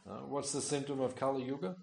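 A man's voice: mid-range voice, a little fast, gravelly, noisy background. A tired man leads a scripture class, reading the old verses and then unpacking them in plain, chatty asides. He keeps checking in with his listeners with "uh" and "right?" The room around him is echoey.

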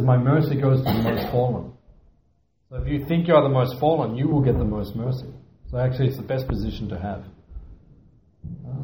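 A man's voice: mid-range voice, warm tone, slight background noise. A man teaching at a temple, giving a devotional lecture in an earnest, self-deprecating way and repeating his points for emphasis. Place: temple hall. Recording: echoey hall.

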